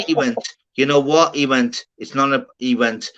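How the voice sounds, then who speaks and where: A man's voice: mid-range voice, normal speed, bright, forceful tone. A man hosting a casual video-call panel, enthusiastic, swearing and repeating himself. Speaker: host. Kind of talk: casual livestream chat.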